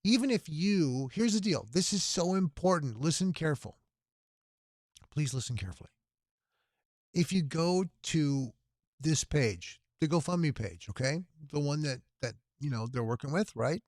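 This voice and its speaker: A man's voice: a little high, expressive, measured pace, darkish tone, no echo, clean studio sound. A sleep-deprived man hosting a long livestream telethon, chatting to viewers and muttering to himself while he types at his computer. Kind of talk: casual livestream chat to viewers.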